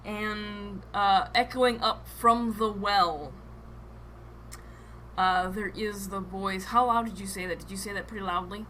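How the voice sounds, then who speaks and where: A woman narrating a tabletop game as game master, pausing often with ums and restarts. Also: mid-range voice, steady tone, sharp tone, slight background noise, poor audio. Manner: hesitant, with many ums and restarts.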